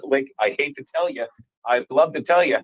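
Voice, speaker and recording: A man's voice: medium pitch, normal speed, husky, lo-fi sound. A man, a comedian, telling a rambling story in casual chat and laughing at himself as he goes. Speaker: comedian guest.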